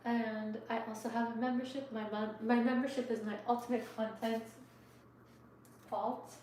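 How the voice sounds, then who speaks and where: A woman in her thirties closing out a livestream from her home kitchen, talking softly and heartfelt, rambling with many fillers. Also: on the high side, little pitch movement, normal speed, far from the mic, slight background noise. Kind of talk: casual livestream sign-off chat. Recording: echoey room, voice from off the mic.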